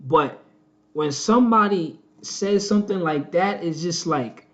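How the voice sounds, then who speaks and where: Male host, higher-pitched, preachy and repetitive; dull lo-fi audio. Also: a little slow, fairly bright tone. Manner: preachy, repetitive, addresses viewers as family. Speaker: channel host. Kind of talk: casual live-stream commentary.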